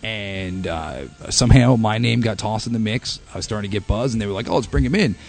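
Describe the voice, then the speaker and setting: A man's voice: fairly low pitch, a little fast. A man in his thirties, a podcast guest, telling a rowdy story in casual chat with lots of swearing and laughter. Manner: animated, profane, laughing storyteller.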